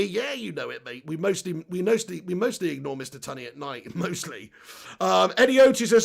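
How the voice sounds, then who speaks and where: A man hosts a live stream, reading out viewer comments and ranting with animated energy and frequent laughter. His voice is strongly gravelly and sits fairly high for a man. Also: brisk. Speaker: host of a football fan channel.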